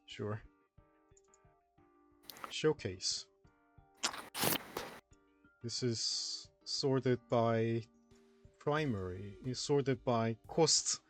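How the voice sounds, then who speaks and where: A man co-hosting a puzzle stream, reading out notes and commenting in a halting, casual way. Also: mid-range voice, faint music behind. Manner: halting, reads notes aloud slowly. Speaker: co-host of a puzzle showcase stream.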